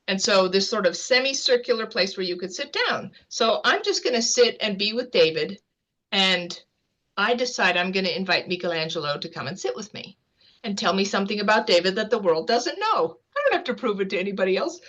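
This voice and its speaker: A woman guest on an interview show, vividly recounting a personal experience in a conversational storytelling manner. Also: mid-range voice. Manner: vivid, animated anecdote-telling with light laughter. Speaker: guest author.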